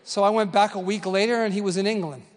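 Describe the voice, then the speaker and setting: A man's voice: sits high, steady tone, quick pace, in a large hall. A man in his sixties preaching a sermon, telling stories and drawing call-and-response from the crowd. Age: 60s. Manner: storytelling, punchy call-and-response.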